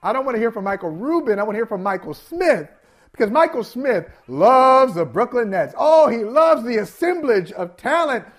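A man's voice: very high voice, very animated, normal speed. A man on a sports debate panel, teasing and mocking a co-host with laughs.

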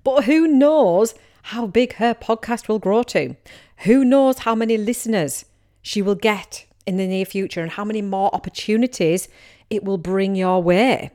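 In an unhurried, mellow mid-range voice, a Teesside business coach chats openly on her casual one-person podcast. Her Teesside English marks her as from that part of England, and every so often she performs what listeners might be thinking.

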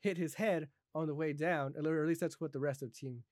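A man's voice: on the high side, steady tone, a little fast, darkish tone, dry recording. Ranting man, dry close sound. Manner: ranting, stumbling restarts. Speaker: podcast host. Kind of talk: casual chat.

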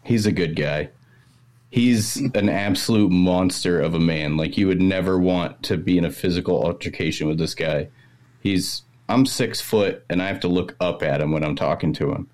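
Deep-voiced Maine man, casual storyteller. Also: moderate pace, a little mellow. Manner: laid-back storyteller who slips into an exaggerated old-timer accent for impressions. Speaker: podcast host. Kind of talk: casual chat.

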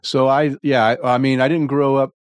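A man hosting a casual podcast, a bit congested with a frog in his throat, talking in a relaxed, chatty way. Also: medium pitch, fairly quick, smooth, dry recording, studio quality. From US Pacific Northwest. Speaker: podcast host. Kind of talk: casual chat.

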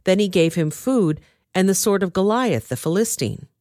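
A woman reading a male informer reporting to the king in a flat, matter-of-fact way. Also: medium pitch, moderate pace, no room sound, studio quality, lightly acted. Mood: informing.

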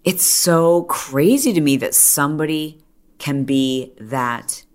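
A middle-aged woman hosting a podcast, talking in a chatty, animated way full of "like" and quick asides. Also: low-pitched. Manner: chatty, animated storytelling with frequent "like". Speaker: podcast host. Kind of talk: casual monologue.

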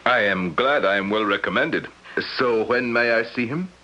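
An actor playing a sophisticated Moscow gentleman. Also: mid-range voice, a little hiss or hum, natural voice. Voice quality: polite, measured, slightly formal. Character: sophisticated man from Moscow, curious and skeptical. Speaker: narrator and lead character. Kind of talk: 1970s radio drama acting and narration. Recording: dull lo-fi old radio broadcast.

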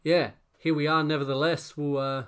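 Relaxed podcast co-host, higher voice. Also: male voice, moderate pace, clear, resonant tone. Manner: relaxed, filler-heavy. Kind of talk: casual sports podcast chat.

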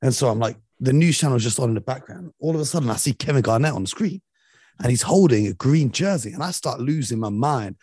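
A young man in his late twenties co-hosting a casual sports podcast, eager and animated. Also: medium pitch, quick pace, slightly rough, no echo, clean studio sound. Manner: enthusiastic, animated, leads the conversation. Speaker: podcast co-host.

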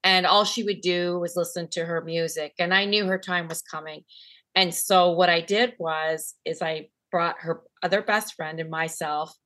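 A woman's voice: on the low side, steady tone, moderate pace, a bit bright. A woman hosting an interview, talking casually with lots of "like" and "you know" and getting emotional over a memory. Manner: gets emotional telling a memory. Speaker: podcast host.

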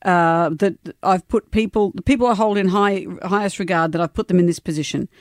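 A woman's voice: on the low side, a little fast, no echo, studio quality. Gossipy Australian woman radio host. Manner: gossipy, reads quotes with mock drama. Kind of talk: casual radio banter.

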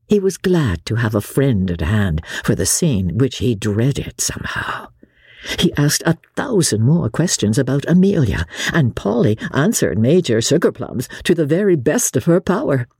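A woman reading a classic novel aloud as an audiobook narrator, with expressive storytelling delivery on a close studio mic. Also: deep voice, breathy edge, dry recording.

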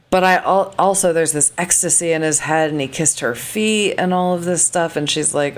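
A woman, a guest scholar, casually discussing a novel and acting out its lines in lively, shifting voices. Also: low voice, moderate pace. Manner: animated, acts out quotes in shifting voices.

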